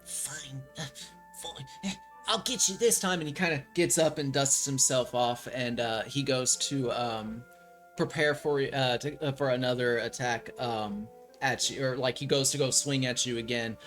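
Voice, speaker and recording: A man narrating a tabletop role-playing game as game master, relaxed and full of ums and likes. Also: mid-range voice, moderate pace, soft background music.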